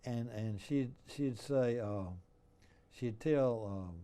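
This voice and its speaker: A man's voice: medium pitch, takes it slowly, warm tone, clean tone. An older man with an Alabama Southern accent, hosting a casual interview and telling folksy stories. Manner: folksy storyteller. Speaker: host.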